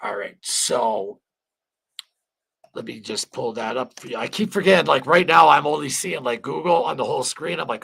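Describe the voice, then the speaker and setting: A man hosting a loose livestream chat, his voice deeply gravelly and husky. He rambles, greets viewers by name, drops the odd curse, and often sounds close to emotional. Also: animated, normal speed, pushed and bright. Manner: rambling, emotional, swears freely. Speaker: livestream host.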